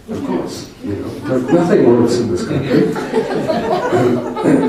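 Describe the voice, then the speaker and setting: An older man, a poet and commentator, telling a personal story to an audience in a reflective, wry way with frequent restarts. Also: medium pitch. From Canada. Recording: distant mic in a very echoey hall with noise.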